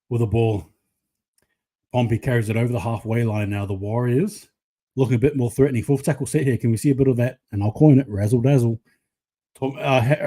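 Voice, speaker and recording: A man giving live, chatty play-by-play of a rugby league match to viewers from his own channel. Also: mid-range voice. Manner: excitable, chatty, casual play-by-play. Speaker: live reaction commentator.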